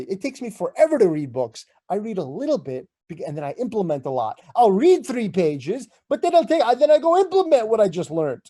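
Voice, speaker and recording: A man giving an energetic motivational presentation, loud and punchy with bursts of emphasis, talking straight to his audience. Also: high-pitched, normal speed. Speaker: summit presenter. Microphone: video call.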